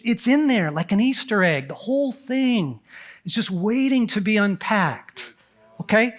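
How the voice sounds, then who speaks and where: A middle-aged man giving a lively talk at a men's conference, acting out quotes, laughing often and tossing in "like" and "okay". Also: high-pitched. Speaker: conference speaker. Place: conference hall.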